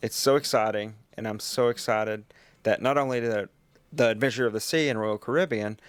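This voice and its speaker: A man, vlogging his cruise. He talks casually and gushes with breathless excitement, and sometimes he runs out of breath while walking. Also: fairly low pitch, fairly quick. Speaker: travel vlogger. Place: outdoors on a pier, then a cruise ship.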